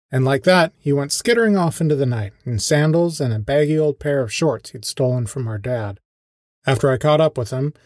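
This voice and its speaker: A man narrates his own story in a wry, understated voice of ordinary pitch. The sound is close and dry, with no room around it. He sounds scripted but relaxed, like a podcast host reading aloud. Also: dry recording. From American Midwest. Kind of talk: scripted first-person storytelling.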